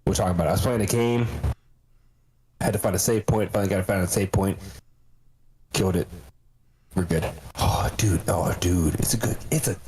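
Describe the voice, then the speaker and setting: A man's voice: low-pitched, fairly quick, pauses often, a little mellow, slight background noise. A man co-hosting a casual podcast, rambling through stories with a lot of swearing. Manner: profane, rambling storyteller. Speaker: podcast co-host.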